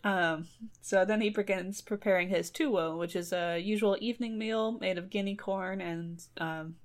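A woman's voice: mid-range voice, steady tone, moderate pace. A woman casually retelling a folktale on a podcast, chatty and laughing, briefly acting out the characters' lines.

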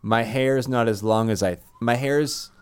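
Young man, non-native english speaker, smooth low voice, dry close sound. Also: moderate pace, dry recording. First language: not English. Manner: wry, mocking paraphrases of politicians. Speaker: podcast co-host. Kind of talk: casual chat.

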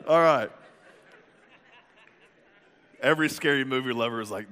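Animated preacher in a big hall. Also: male voice, on the high side, quick pace, hardly any pauses. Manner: animated, jokey, expressive. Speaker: pastor. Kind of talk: sermon. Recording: echoey hall reverb.

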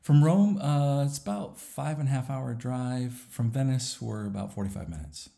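A middle-aged man, a pastor and church planter, speaking thoughtfully in a podcast interview with frequent "uh" pauses. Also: mid-range voice, gravelly, warm tone. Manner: thoughtful, with many "uh" fillers and a light laugh.

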